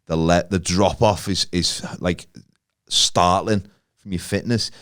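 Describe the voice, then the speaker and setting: A man's voice: deep voice, steady tone, takes it slowly, fairly bright tone, no echo, clean studio sound. A man in his forties with a northern English accent, co-hosting a podcast in a casual, jokey chat. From northern England. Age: 40s. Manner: jokey, chatty, laughs often. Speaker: podcast co-host.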